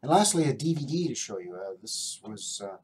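A man's voice: mid-range voice, very animated, brisk, a little mellow, slight background noise. A man who collects records, casually and enthusiastically showing off his finds in a rambling way. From Canada. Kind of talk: casual show-and-tell.

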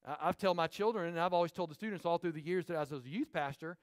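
A pastor preaches energetically in the sanctuary of a church. His voice is high, and he punctuates the sermon with quick comments aimed at the congregation.

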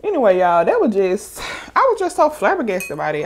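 Female mukbang vlogger, chatty storytime delivery, lively quoting. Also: mid-range voice, a little fast, hardly any pauses. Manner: chatty and animated, quoting others in raised voice. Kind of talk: casual storytime to viewers.

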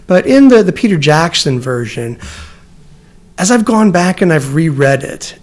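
A man in his forties giving a personal talk as a professor, rambling and restarting often, growing emotional as he speaks. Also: a little high. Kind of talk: lecture with personal stories. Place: lecture room.

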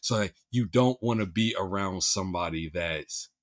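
A man's voice: sits low, moderate pace. A male podcast host with a Philadelphia accent, chatting casually and restarting his sentences often with repeated words.

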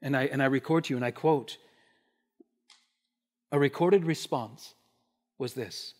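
A man giving a sermon as pastor, moving from loud, driving emphasis to quiet, hushed asides. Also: mid-range voice, unhurried, pauses often. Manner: impassioned preaching, swinging between loud emphasis and quiet asides. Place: church sanctuary.

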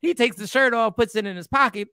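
A man telling a funny story in casual chat, self-mocking and relaxed. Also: extremely high pitch, fast talker, clean tone, no room sound, clean studio sound. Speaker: podcast co-host.

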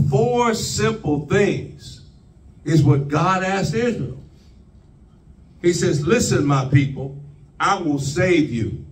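A man preaching a sermon, slow and deliberate, leaning on repeated phrases. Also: fairly high pitch, distant mic, rough recording. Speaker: pastor.

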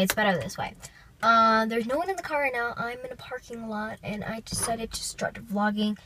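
A young woman vlogging from inside a parked car, talking casually, gushing and rambling, into a handheld compact camera. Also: mid-range voice. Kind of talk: casual vlog chat.

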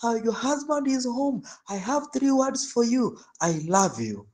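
A man's voice: extremely high pitch, very animated, unhurried, darkish tone, voice pushed up, full character voice. A man voicing a drunken husband who pleads in a sing-song, coaxing way at a locked door.

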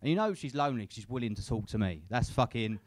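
At a comedy club, a young man performs a crude stand-up set, swearing a lot and tagging lines with "innit." His voice is mid-range, animated and fast, and the recording is dry.

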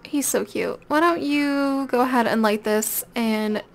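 High-voiced woman chatting over a game. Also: unhurried, a little hiss or hum. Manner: chatty, talks directly to the game characters. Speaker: gameplay video creator. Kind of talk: casual let's-play commentary.

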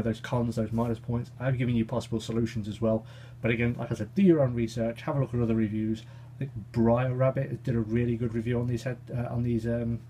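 Mellow-voiced guy rambling through a review. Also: mid-range voice, a little hiss or hum, rough recording. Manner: rambling, jokey, many fillers and self-repeats. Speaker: YouTube gadget reviewer. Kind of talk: casual unscripted product review.

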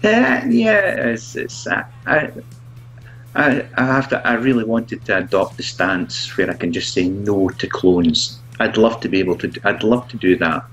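A man who reviews products, chatting as a guest in a halting, self-mocking way and laughing often. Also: fairly low pitch, lively intonation, fairly bright tone, faint music behind, poor audio. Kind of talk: casual video chat.

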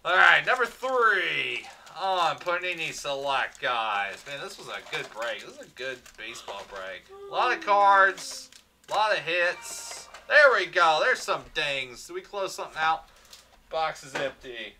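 A man's voice: on the high side, big pitch swings, measured pace, sharp tone, a little hiss or hum. A man hosting a livestreamed card box break, upbeat, rattling off player names and chatting with viewers.

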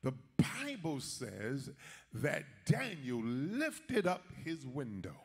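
A man's voice: on the high side, a bit bright. A man, a bishop, preaching a sermon in a folksy way and speaking directly to the congregation.

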